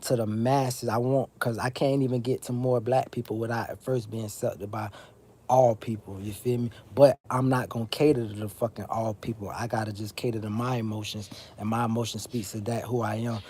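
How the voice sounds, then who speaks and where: A man's voice: fairly low pitch, fairly even intonation, brisk, mellow, breathy edge. A man from South Florida hosting a casual livestream, rambling, swearing, and answering viewers in chat. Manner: rambling, profane, talks straight to chat. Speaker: livestream host.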